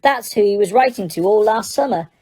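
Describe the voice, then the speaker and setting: A woman's voice: mid-range voice, expressive, warm tone, lightly acted. A woman voicing a shy, slightly anxious young girl in an audiobook, confiding in a lighter voice. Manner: quick, confiding, a little nervous. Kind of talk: audiobook character voice.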